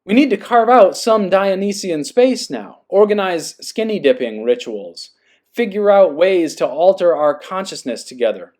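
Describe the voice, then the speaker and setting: Earnest musing man, fairly high voice. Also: expressive, unhurried, a little mellow. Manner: earnest, musing, checks in with listener. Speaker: podcast host. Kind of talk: reading aloud and reflective monologue.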